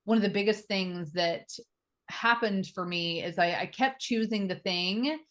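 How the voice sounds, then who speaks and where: A woman's voice: medium pitch, a little slow, a bit bright. A woman in her thirties, a podcast guest, telling her personal story openly and emotionally, with fillers and the odd swear word. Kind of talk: candid personal interview.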